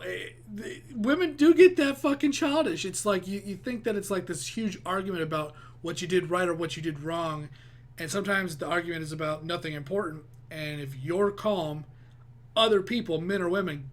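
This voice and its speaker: Man, reaction video host, fairly high voice, casual rambling commentary, swears a lot. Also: moderate pace. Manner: profane, rambling, hesitant.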